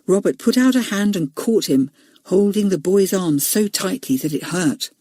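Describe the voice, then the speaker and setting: Woman audiobook narrator: warm, expressive, lively storybook delivery. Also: medium pitch, moderate pace, no room sound, clean studio sound. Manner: expressive, voices each character.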